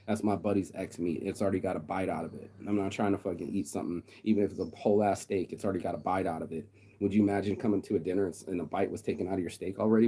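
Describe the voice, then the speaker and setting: A man's voice: deep voice, mellow, a little hiss or hum. A middle-aged man in a casual, profane vlog rant, blunt and mocking, often mimicking other people in quotes. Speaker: vlogger. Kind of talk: casual ranting monologue.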